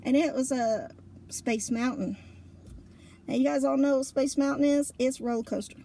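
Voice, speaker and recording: A woman telling a funny personal story in a lively, colloquial way, laughing often between lines. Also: high voice, normal speed, gravelly. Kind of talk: casual spoken storytelling.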